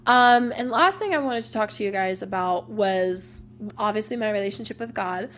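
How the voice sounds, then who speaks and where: A woman's voice: mid-range voice, moderate pace, a bit bright. A young woman hosting a casual personal podcast, talking openly and emotionally with lots of "like" fillers. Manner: chatty, open and emotional, many "like" fillers. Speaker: podcast host.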